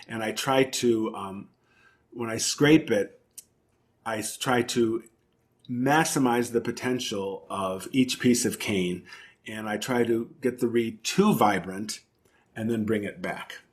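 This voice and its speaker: A man, a professional oboist, talking in an interview and explaining his craft thoughtfully with emphatic repetitions. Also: mid-range voice. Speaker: principal oboist and oboe professor, interview guest. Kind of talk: conversational interview.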